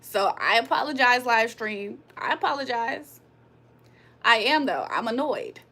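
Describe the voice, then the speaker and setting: A woman with a high, bright voice chats on a livestream. She hosts spiritual card readings but talks bluntly, swears freely and vents her annoyance at her audience. Her delivery is loose and unscripted. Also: lively intonation, a little slow. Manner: blunt, profane, annoyed venting with frequent laughs. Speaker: spiritual reader and livestream host. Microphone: streaming setup.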